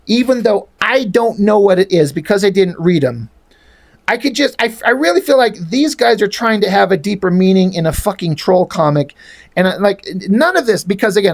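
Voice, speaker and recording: A man's voice: sits high, vocal fry. A man tearing into a comic he dislikes, blunt and exasperated, swearing freely as he goes. He talks through it in a loose, off-the-cuff ranting style. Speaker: comic book reviewer.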